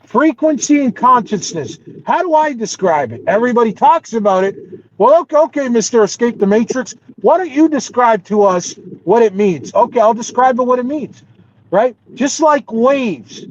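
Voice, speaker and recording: A man hosting a casual live panel discussion, rambling and animated, often calling people bro. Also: very high voice, normal speed. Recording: dull lo-fi audio with faint noise.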